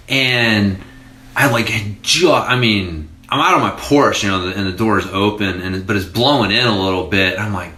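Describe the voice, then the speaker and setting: A man in his forties telling stories in casual podcast chat, animated and laughing, with free swearing. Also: fairly low pitch, moderate pace, echoey room. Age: 40s. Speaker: podcast host.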